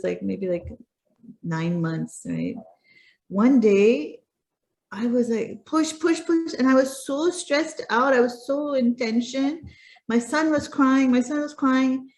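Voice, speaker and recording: A woman guest in an interview, telling her own story in an earnest way and repeating words for emphasis. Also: high-pitched. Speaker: guest speaker. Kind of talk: personal storytelling in a conversation.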